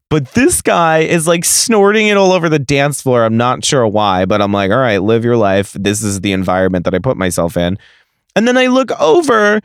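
Young guy podcasting, smooth clear voice, dry close mic, swears a lot and gets animated. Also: mid-range voice, no echo. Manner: animated, profane, jokey storytelling. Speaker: podcast host. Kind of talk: casual storytelling monologue.

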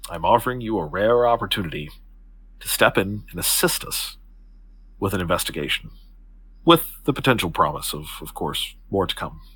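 A poised older woman who heads a secret society, speaking in low, measured, persuasive tones. Her voice is soft and husky with a bright edge, as a man puts her on for a tabletop game. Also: very animated, exaggerated voice. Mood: composed, persuasive.

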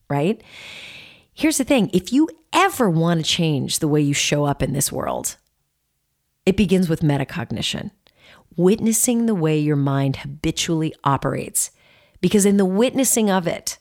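A woman's voice: deep voice, gravelly. A woman in her late forties giving a motivational self-help talk, earnest and playful, stretching words out for emphasis. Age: 40s.

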